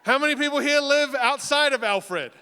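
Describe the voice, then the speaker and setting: A man's voice: very high voice, lively intonation, moderate pace, bright, forceful tone, a little hiss or hum. A young man from New Zealand with a New Zealand accent, hosting a college talent show with dry, self-mocking jokes and teasing crowd work. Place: college auditorium stage. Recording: reverberant hall on a PA mic.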